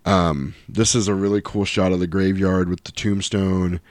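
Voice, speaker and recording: Deep-voiced man recapping a movie. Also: level tone, moderate pace, darkish tone, no echo. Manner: rambling, quoting scenes in voices. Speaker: podcast co-host. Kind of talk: casual movie recap chat.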